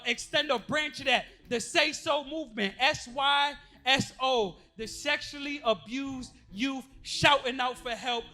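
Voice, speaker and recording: A man's voice: very high-pitched, sharp tone. A man giving an emotional church testimony before a gathering, speaking in an impassioned, repetitive preaching cadence.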